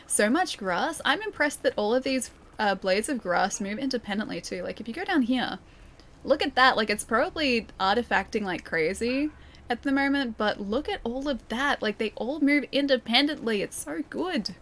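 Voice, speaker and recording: A streamer with a Melbourne Australian accent chats casually with viewers while she plays a game, laughing often. Her voice is a little high and a bit bright, and she's giggly and talkative, addressing chat directly.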